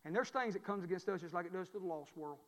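A male pastor with a high voice preaches quickly in a fairly bright tone, folksy and emphatic, repeating phrases to drive his points home. He's in a church sanctuary, and the long reverb of the church hall fills the recording.

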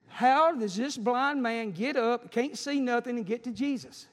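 A male preacher with a strikingly high voice delivers a fervent sermon. He swings between shouted peaks and quiet, pleading passages. The sanctuary's long reverb carries every word. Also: expressive, moderate pace, few pauses. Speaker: pastor. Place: church sanctuary.

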